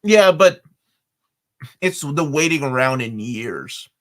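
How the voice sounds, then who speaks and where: A man from Peru co-hosts a relaxed live stream. He talks in an animated way with a middle-pitched voice that rises and falls a lot, and he laughs easily while riffing on viewers' comments. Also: slow. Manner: animated, laughs often, jumps between chat comments. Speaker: co-host. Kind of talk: casual live-stream chat.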